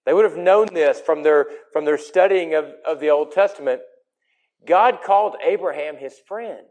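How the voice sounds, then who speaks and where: Emphatic preacher man, slightly high voice. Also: normal speed. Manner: emphatic, swings between loud and soft. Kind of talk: sermon.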